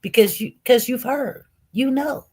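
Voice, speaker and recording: A woman telling viewers a personal testimony with great intensity, swinging from loud outbursts to hushed murmurs and often repeating herself. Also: on the high side, unhurried, husky. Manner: repetitive, restarts. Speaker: online show host.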